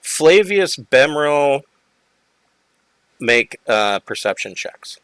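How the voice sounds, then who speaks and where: A man running a tabletop game as game master, narrating scenes in a relaxed, halting way with frequent fillers. His voice is bright and clear, and the recording is close and dry. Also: mid-range voice, dry recording, rough recording.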